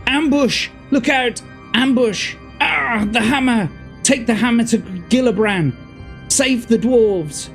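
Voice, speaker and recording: A man with a Birmingham accent voicing a wounded, delirious old male dwarf warrior who shouts frantic warnings. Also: fairly high pitch, measured pace, gravelly, faint music behind, voice pushed up. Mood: frantic shouting.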